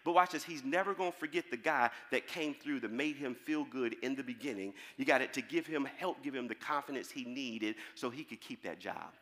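A male pastor preaching a sermon to his congregation, calling out to the crowd, then dropping into a quiet storytelling voice. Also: mid-range voice, a little fast, few pauses, big-room sound. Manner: call-and-response preaching, swings from shouting to soft storytelling. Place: large church hall.

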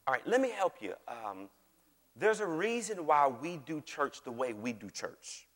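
Man pastor, fairly high voice, folksy joking sermon, long reverb in a big church hall. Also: big pitch swings, a little slow, a bit bright. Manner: folksy, joking, calls for congregation responses. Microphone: microphone on stage.

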